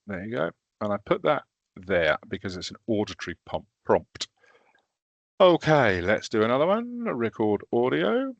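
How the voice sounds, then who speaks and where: A man leading a recorded training session, walking through teaching software step by step in a casual, self-deprecating way. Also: mid-range voice, very animated, normal speed, gravelly, no room sound, highs cut off.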